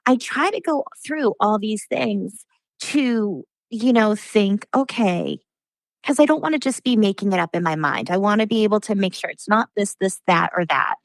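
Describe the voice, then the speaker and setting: A woman's voice: medium pitch, expressive, normal speed, creaky, no room sound, low-quality recording. A woman guest on a podcast in casual chat, talking in an earnest, thoughtful way with a lot of "like". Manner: earnest, thoughtful, many fillers like "like".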